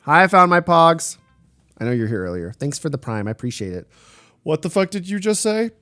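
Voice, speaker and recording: A man's voice: fairly high pitch, sing-song, a little fast, bright, forceful tone, no room sound, faint music behind. A man streaming live through a slight voice changer, bantering crudely with chat as he reads it. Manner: crude, joking banter while reading chat.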